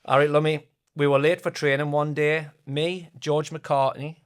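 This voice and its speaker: A man's voice: a little high, flat delivery, moderate pace, clean tone. A man, telling football anecdotes in a chatty, laughing podcast conversation. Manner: chatty, laughing storyteller who reads out stories sent in. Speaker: podcast co-host.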